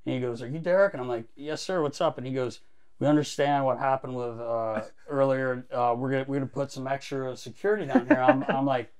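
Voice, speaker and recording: A man's voice: mid-range voice, fairly quick, crowd noise. A male podcast co-host telling stories with energy and acting out other people's lines. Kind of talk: animated storytelling.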